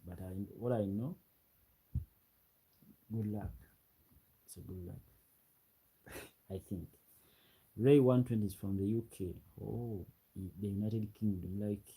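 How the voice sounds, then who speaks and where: A man's voice: lowish voice, warm tone, breathy edge, low-quality recording. A man from Uganda with a Ugandan English accent, chatting casually on a late-night live stream and reading out viewer comments. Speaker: livestreamer. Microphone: ring light setup, webcam.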